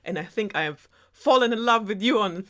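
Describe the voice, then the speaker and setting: A woman's voice: medium pitch, lively intonation, moderate pace, a bit bright, voice pushed up, close to an everyday voice. A woman with a German accent voicing a smitten young prince in an offhand, casual way, close to her own voice.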